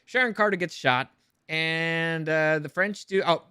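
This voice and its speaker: A man's voice: a little high, a little slow, bright, forceful tone, smooth, no room sound, studio quality. A man ranting through a review vlog, exasperated and sarcastic, swearing freely.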